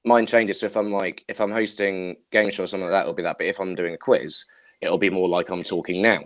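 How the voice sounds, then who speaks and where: A man co-hosts a casual podcast. His voice sits very low, and he tells stories with enthusiasm. It comes through a dull, lo-fi line. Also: steady tone, fast talker. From Essex, England. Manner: enthusiastic, anecdotal. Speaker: podcast co-host. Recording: dull lo-fi sound.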